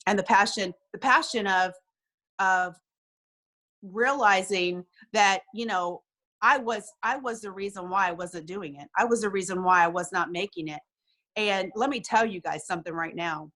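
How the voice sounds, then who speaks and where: A woman telling an emotional personal story over a video call, animated and acting out what people said. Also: mid-range voice, normal speed, low-quality recording. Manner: animated, acts out quoted dialogue, frequent restarts. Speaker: guest sharing a success story.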